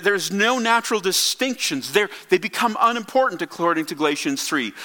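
A man preaching a sermon in a high, bright voice. He presses his points hard and often stops to restart or repeat a word mid-phrase. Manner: emphatic, with frequent restarts and repeated words. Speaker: pastor.

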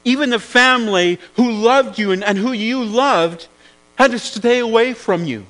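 A man's voice: very high-pitched, measured pace, a bit bright, low-quality recording. A man preaching a sermon in an earnest way, often repeating words as he searches for the phrasing.

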